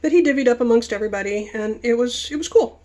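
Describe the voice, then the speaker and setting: A woman vlogger rambles through casual stories, chatty and self-interrupting. Her voice sits slightly high for a woman. She talks while busy with a task at hand. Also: fast talker, darkish tone. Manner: working with her hands while talking.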